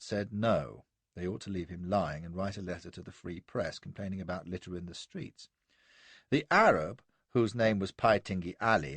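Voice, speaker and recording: A man narrating a first-person period novel in a wry, expressive storytelling manner. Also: on the low side, gravelly, slightly rough, no room sound. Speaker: audiobook narrator.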